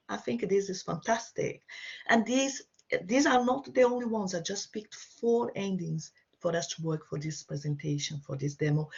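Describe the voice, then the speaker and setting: Woman, encouraging teacher, husky voice, slow speech. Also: mid-range voice. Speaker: Portuguese teacher. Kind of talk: online language lesson. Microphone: video call. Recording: slightly dull video-call audio.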